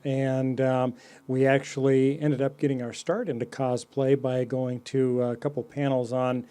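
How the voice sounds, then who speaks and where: A man's voice: medium pitch, flat delivery, unhurried, warm tone, smooth. A man co-hosting a podcast, chatting casually in an easygoing, friendly way. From Midwestern United States. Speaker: podcast co-host. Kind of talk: casual chat.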